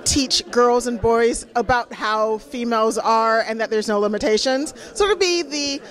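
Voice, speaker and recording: A woman's voice: a little high, a little slow, fairly bright tone. A woman interviewer asking questions in an eager, gushing, casual manner.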